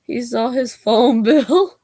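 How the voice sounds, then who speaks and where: A woman's voice: a little high, animated, takes it slowly, warm tone, slight background noise. A woman vlogger reading knock-knock jokes aloud, taking both parts herself and breaking off for giggly asides.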